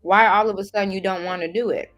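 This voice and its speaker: A woman's voice: medium pitch, fairly even intonation, fast talker, a bit bright, faint music behind. A woman giving a spiritual motivational talk, addressing listeners in an emphatic, preacher-like way with streetwise directness and chanted repetitions. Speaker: spiritual life coach.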